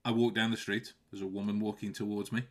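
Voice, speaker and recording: A man's voice: fairly low pitch, flat delivery, quick pace. A man hosting a casual podcast chat, often restarting and repeating words and breaking into laughs. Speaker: podcast host.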